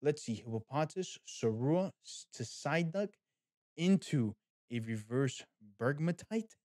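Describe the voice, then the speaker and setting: A man's voice: a little high, slow pace, no echo, clean studio sound. A man hosting a card pack opening, talking casually and animatedly straight to his viewers. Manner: animated, chatty, talks to viewers as guys. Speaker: card-opening channel host.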